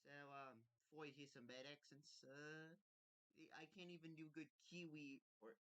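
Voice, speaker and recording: A man's voice: on the high side, flat delivery, normal speed, a bit bright, poor audio. A man in casual chat as a reaction video host, rambling and hesitant with many fillers and restarts.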